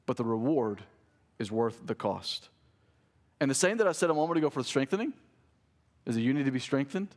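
A pastor preaching a sermon to his church, building to emphatic, rising peaks and then dropping to quiet intensity. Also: mid-range voice. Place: church sanctuary.

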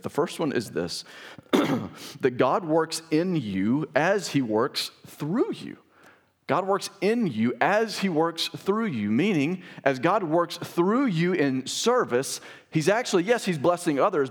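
A man preaching a sermon to his congregation, earnest and emphatic, often clearing his throat. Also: mid-range voice. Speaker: pastor. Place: church sanctuary.

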